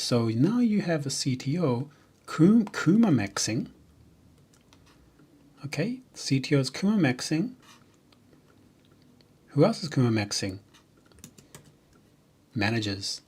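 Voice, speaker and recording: A man, a software developer, chatting casually and jokingly on a livestream, rambling with many fillers and restarts. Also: medium pitch, lively intonation, measured pace, pauses often, husky.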